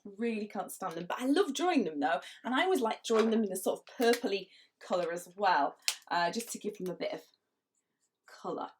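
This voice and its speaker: A woman's voice: mid-range voice, expressive, fairly quick, slight background noise. A middle-aged woman, chatting playfully as she leads a drawing lesson for children. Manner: chatty, playful, laughs often. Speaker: illustrator teaching drawing.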